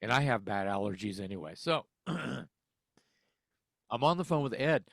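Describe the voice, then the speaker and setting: Speaking at a moderate pace, this interview guest, a singer and music teacher from Texas, has a creaky, medium-pitched voice. He tells a conversational story, acting out phone calls and cursing freely, on a dry recording with clean studio sound.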